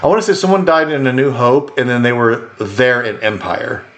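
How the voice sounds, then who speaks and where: Speaking at a normal speed in a mid-range voice, a male podcast co-host keeps things loose and conversational. He wanders from point to point with lots of energy and acts out whatever he quotes.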